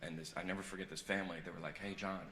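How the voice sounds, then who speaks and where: A man's voice: low-pitched, fairly even intonation, rapid-fire, sharp tone. A male stand-up comedian on a theater stage, talking in a rambling, confessional, self-mocking way. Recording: echoey hall with crowd noise.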